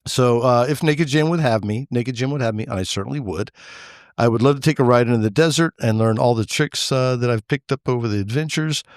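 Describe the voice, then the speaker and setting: A man's voice: medium pitch, a little fast, no echo, clean studio sound. Joking man reading listener mail. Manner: jokey, reads letters aloud with asides. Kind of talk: casual podcast chat.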